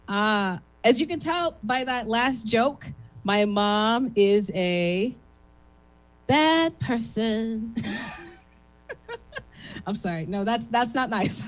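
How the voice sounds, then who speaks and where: A young woman from East Oakland doing a stand-up set, with an even, radio-like speaking voice and lots of "uh" fillers. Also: mid-range voice, poor audio. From East Oakland, California. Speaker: stand-up comic.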